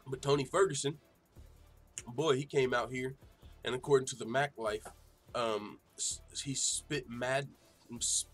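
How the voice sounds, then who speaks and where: A man hosting a casual livestream show, reading viewer comments aloud and reacting in an animated, profane way, laughing often. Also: mid-range voice, unhurried, long pauses, faint music behind. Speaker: MMA show host.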